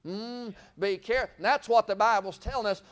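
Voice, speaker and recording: A man's voice: sits high, normal speed, clean tone. A man preaching a sermon in a folksy way, full of repeated phrases and rhetorical questions.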